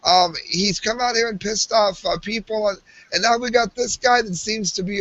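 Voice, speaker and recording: A man's voice: sits high, moderate pace, fairly bright tone, dry recording. A man co-hosting a live talk show, arguing with heated emphasis and frequent restarts. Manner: impassioned, emphatic, with many restarts. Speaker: podcast co-host. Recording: muffled lo-fi stream audio.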